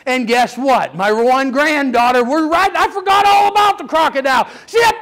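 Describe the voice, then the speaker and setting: An older man preaching a sermon, telling stories with lively energy and sudden shouts. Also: very high-pitched, normal speed, hardly any pauses, over a noisy crowd, heavy background noise. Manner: animated storytelling, acts out children's voices, bursts into shouts. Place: church sanctuary.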